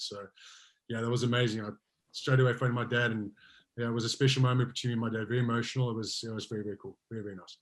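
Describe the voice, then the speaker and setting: Fast-talking man. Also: mid-range voice, low-quality recording. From South Africa. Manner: relaxed storytelling, many fillers and restarts. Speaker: guest, former rugby player. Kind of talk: casual interview chat.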